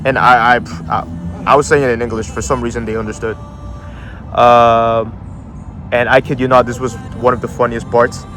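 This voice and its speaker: A man's voice: medium pitch, little pitch movement, moderate pace, pauses often, music in the background. A young man casually telling a story, swearing a lot and using slang, laughing as he goes. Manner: profane, slangy, laughs often while telling.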